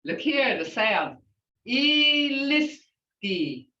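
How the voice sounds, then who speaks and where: An older woman teaches a language class at an unhurried pace, breaking words into syllables between chatty asides. Her voice comes from some way off the mic in a roomy space, with a dull tone. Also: mid-range voice, animated, fairly bright tone. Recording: echoey, distant, dull sound.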